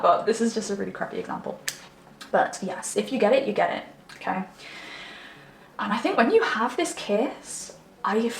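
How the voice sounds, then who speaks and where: Giving a tarot card reading, a woman with a medium-pitched, creaky voice chats intimately and keeps checking in with her listener. The room is echoey, and a slight hiss or hum runs under the recording.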